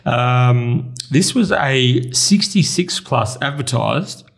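An Australian man co-hosting a racing podcast, running through race form briskly. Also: medium pitch, animated, creaky. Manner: brisk, runs through form in quick bursts. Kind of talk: casual race preview chat.

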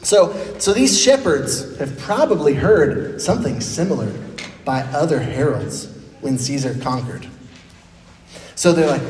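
A man's voice: fairly high pitch, unhurried. Male pastor, upbeat conversational sermon, voices quotes playfully; roomy hall reverb. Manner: lively, conversational preaching with playful acted quotes. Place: church sanctuary. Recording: echoey church hall with faint noise.

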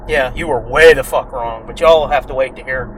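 A man's voice: medium pitch, normal speed, poor audio. Swearing man chatting in a moving car. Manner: animated storyteller, swears a lot, acts out quoted voices. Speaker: podcast co-host. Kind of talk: casual chat streamed live from a car. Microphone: phone held in hand. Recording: phone in a car, road noise.

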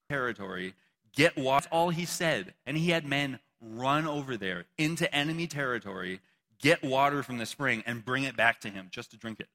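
A man preaching a casual sermon, reading scripture slowly and dramatically between conversational asides. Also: mid-range voice, animated, bright, forceful tone. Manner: conversational, reads scripture slowly and dramatically, frequent laughs and "right?". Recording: long hall reverb.

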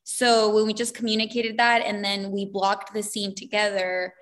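A woman's voice: mid-range voice, monotone, normal speed, fairly bright tone. A woman, an actress, chatting in an interview, giggly and loose, with lots of "like". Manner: giggly, chatty, many "like" fillers. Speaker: actor. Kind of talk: casual interview talk.

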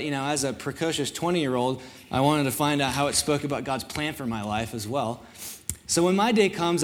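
A young man on a church's student ministry staff preaches a sermon, telling stories casually and poking fun at himself, in a medium-pitched voice.

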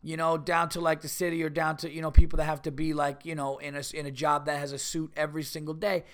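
A middle-aged man telling a rambling, animated story on his podcast, full of restarts and asides. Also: fairly high pitch, quick pace. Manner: rambling, animated, with many restarts and mock voices. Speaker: podcast host. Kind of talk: casual storytelling.

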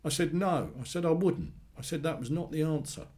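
Man reading as a furious young man, foul-mouthed, blunt, animated pitch, storybook. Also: a little fast, lightly acted. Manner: swearing, bitter and blunt.

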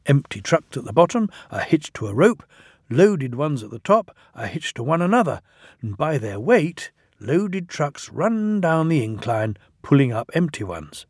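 A middle-aged man reading a children's storybook aloud, slow and animated, recorded close to the mic in a studio. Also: on the high side, slightly rough, no room sound. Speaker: audiobook narrator.

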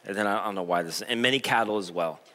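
A man's voice: fairly low pitch, quick pace, bright, forceful tone. A man preaching a conversational sermon as a pastor, retelling a Bible story with humor and chuckles.

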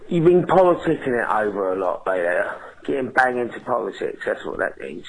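A man's voice: on the low side, very animated, fairly quick, vocal fry, few pauses, husky, poor audio. A man with an English accent calling into a show, crude and pushy, swearing as he talks. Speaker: caller. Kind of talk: phone call to a show.

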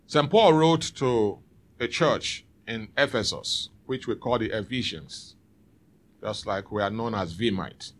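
A man's voice: fairly low pitch, a little slow. A man preaching a sermon in church, calling out to the congregation for responses. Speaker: pastor.

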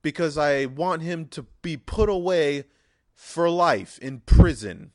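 A man voicing a frantic dog owner who loudly demands that the police act. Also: fairly high pitch, takes it slowly, pitched above the performer's own voice. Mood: outraged. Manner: loud, pleading, outraged. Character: upset, frantic grown man whose dog was killed.

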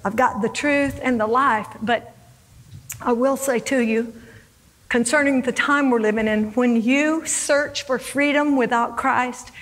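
A woman's voice: a little high, fairly even intonation, a little slow, fairly bright tone, rough recording. A woman preaching a sermon, acting out scripture quotes with dramatic, rising emphasis.

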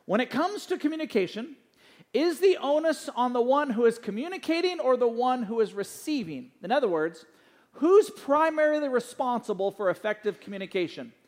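A middle-aged man preaches in a church sanctuary, relaxed and conversational, leaning on fillers and stories. His voice sits unusually high for a man. The sound carries a long hall reverb. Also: normal speed. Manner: conversational, anecdotal, many fillers. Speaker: pastor. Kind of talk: sermon with announcements.

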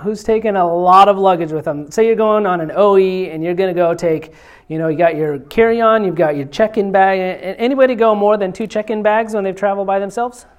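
A woman preaching a conversational sermon. She keeps asking the congregation questions, tags her points with "right?" and "you know?", and repeats key lines slowly and softly to drive them home. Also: mid-range voice. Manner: asks the congregation rhetorical questions; repeats key phrases, slowing and softening to stress them.

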